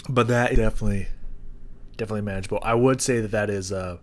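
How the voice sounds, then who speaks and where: Low-voiced man chatting through a spicy tasting. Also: steady tone. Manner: talks through the burn, halting and drawn out. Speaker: hot sauce challenge vlogger. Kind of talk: casual chat to camera. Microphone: new studio mic.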